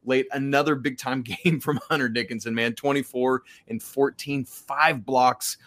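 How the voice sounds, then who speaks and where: A man co-hosts a casual sports podcast, reeling off scores and rankings. He keeps an upbeat tone and slips small chuckles between the numbers. His voice sits at an ordinary middle pitch. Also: steady tone, moderate pace, a bit bright.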